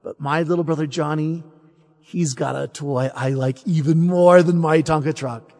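A man putting on a small seven-year-old boy with a high, childlike voice, whining and bargaining to get his way. He is heard in a hall with a long, ringing reverb. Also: fairly even intonation, moderate pace, a little mellow, close to an everyday voice. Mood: scheming. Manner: pleading, wheedling, childish.

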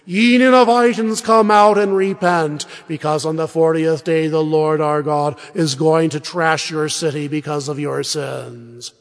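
A man voicing an old, gaunt prophet who loudly calls a city to repent, in a church with long reverb. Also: a little high, fairly even intonation, measured pace, hardly any pauses. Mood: proclaiming. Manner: loud, proclaiming. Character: old bearded prophet proclaiming doom.

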